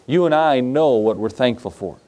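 A man's voice: mid-range voice, lively intonation, moderate pace, warm tone. A man preaching a sermon, reading scripture and telling a folksy story in a conversational way. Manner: folksy and conversational, acts out voices in his story. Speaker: pastor.

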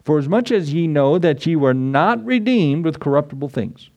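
A man preaching a sermon in a conversational, animated way, often asking his listeners questions. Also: fairly high pitch, moderate pace. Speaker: pastor.

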